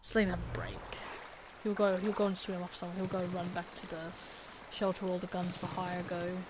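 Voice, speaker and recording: A woman's voice: lowish voice, little pitch movement, fairly quick. Chatty woman streamer over noisy game sound. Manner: chatty, giggly, talks to the game. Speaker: gaming streamer. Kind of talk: casual gameplay commentary. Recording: noisy game audio behind.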